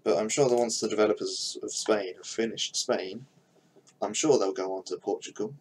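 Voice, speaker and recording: A man's voice: on the low side, normal speed, husky, poor audio. A young man thinking aloud in casual commentary while he builds a game map on a live stream, with mumbled asides as he works.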